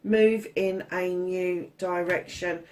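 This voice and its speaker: A woman's voice: fairly low pitch, fairly even intonation, slow, a little mellow. A woman doing a casual tarot reading, chatty and blunt, swearing freely and calling her listeners darlings. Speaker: tarot reader.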